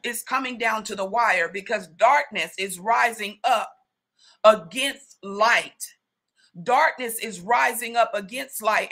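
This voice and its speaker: Woman preacher, higher bright voice, fervent, repetitive, slangy sermon delivery. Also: vocal fry. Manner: fervent, rising to speaking in tongues and shouting; street slang, repeated rhetorical questions.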